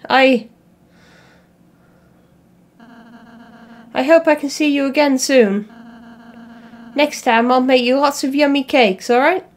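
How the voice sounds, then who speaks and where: A woman voicing a shy, gentle young male goat prince, soft and stammering, in a fan voice-over of a game. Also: sits high. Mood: sweet. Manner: soft, hesitant, stammering apologies.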